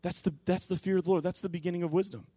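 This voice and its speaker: A fairly high-voiced man preaching a sermon, one moment quiet and musing, the next loud and impassioned. His voice is recorded close and dry, with no room sound around it. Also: steady tone, very fast, husky, dry recording. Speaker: pastor.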